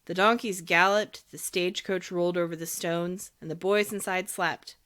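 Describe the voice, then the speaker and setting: A woman's voice: lowish voice, fairly even intonation, normal speed, fairly bright tone. A woman narrating a classic children's story as an audiobook, reading expressively.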